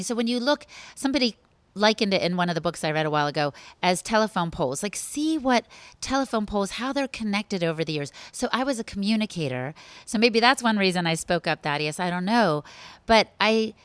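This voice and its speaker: A woman guest on a podcast, telling animated, rambling stories with frequent restarts in a casual conversational way. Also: mid-range voice, brisk, clear, resonant tone, no echo.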